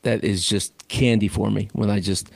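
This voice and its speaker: A man's voice: fairly low pitch, steady tone, normal speed, gravelly, no echo. A man co-hosting sports radio, talking casually with hesitant fillers.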